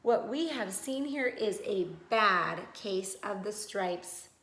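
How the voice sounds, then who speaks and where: A woman voicing a kind, sweet old woman healer in a storybook read-aloud, speaking gently and softly. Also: mid-range voice, lively intonation, slow pace, reverberant. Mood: gentle.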